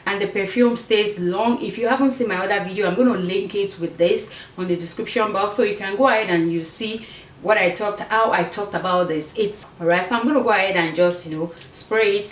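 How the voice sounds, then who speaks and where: A woman's voice: mid-range voice, moderate pace, a little hiss or hum. A woman with an African accent, chatting casually to camera as a fashion and beauty vlogger, meandering and restarting her sentences. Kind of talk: casual vlog chat to camera. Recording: echoey room, mic at a distance.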